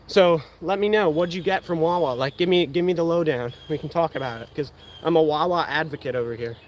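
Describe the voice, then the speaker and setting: Young guy vlogging, chatty and hyped, bit of a higher voice, faint hum behind. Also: fast. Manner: chatty, enthusiastic, recommending food. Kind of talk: casual chat answering viewers.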